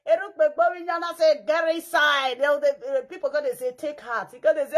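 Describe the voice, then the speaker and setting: A high-pitched woman with a Nigerian Pidgin accent delivers mocking, theatrical commentary. She slips into sing-song chants and mock wailing as she talks. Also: moderate pace.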